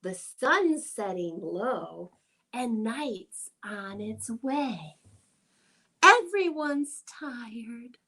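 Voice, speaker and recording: A young woman leading a toddler storytime, reading picture books and rhymes in a playful sing-song voice with soft hushed asides. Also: on the high side, animated, drawn-out words. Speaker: children's librarian.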